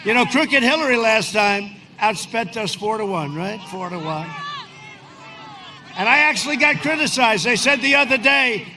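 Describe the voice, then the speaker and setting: A man giving a rambling, boastful rally speech outdoors in cold wind, often shouting to a crowd. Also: sits high, animated, moderate pace. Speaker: politician speaking at a rally. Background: large cheering crowd and wind.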